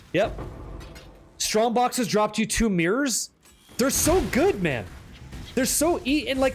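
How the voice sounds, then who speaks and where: High-pitched excitable man streaming a game. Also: a little hiss or hum. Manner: excitable, profane, teasing chat, reading questions aloud. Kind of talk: live gameplay stream, chatting with viewers.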